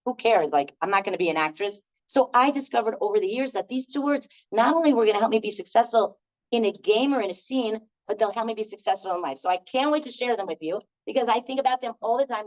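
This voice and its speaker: A woman's voice: fairly high pitch, quick pace, darkish tone. Upbeat woman leading an improv workshop. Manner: upbeat, chatty, encouraging. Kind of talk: lively talk to a group. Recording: dull lo-fi recording.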